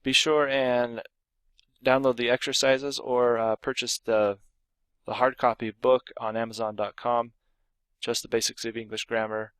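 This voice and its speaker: A man's voice: medium pitch, flat delivery, measured pace, fairly bright tone, clean tone, no room sound. A man teaching a grammar lesson, explaining punctuation and reading example sentences aloud, with occasional fillers and restarts. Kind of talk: recorded lesson.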